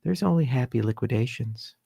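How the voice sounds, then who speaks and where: A man putting on the voice of a gentle, soft-spoken male TV painting teacher who talks in slow, soothing, encouraging phrases. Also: mid-range voice, lively intonation, vocal fry, breathy edge, dry recording.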